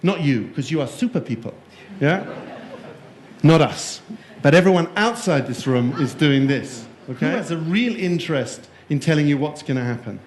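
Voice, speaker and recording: Keynote speaker, male, slightly high-pitched, playful and joking with the audience, roomy echo with faint hiss. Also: lively intonation, normal speed. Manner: playful, jokey, quizzes the audience. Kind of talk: conference keynote talk. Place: conference room before a live audience. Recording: echoey room.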